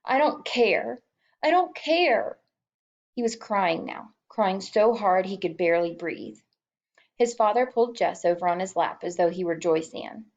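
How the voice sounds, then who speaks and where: A woman's voice: fairly low pitch, moderate pace, a little mellow, lo-fi sound. A woman reading a novel aloud as an audiobook, emotive and lightly voicing the characters. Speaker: audiobook reader.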